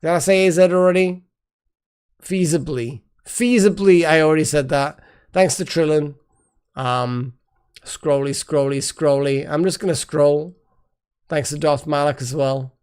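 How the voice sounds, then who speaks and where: A woman's voice: deep voice, fairly even intonation, unhurried, a little mellow, smooth. A woman hosting a live stream, rambling casually as she thanks her chat viewers one by one. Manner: trailing off with fillers and restarts. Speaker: livestream host.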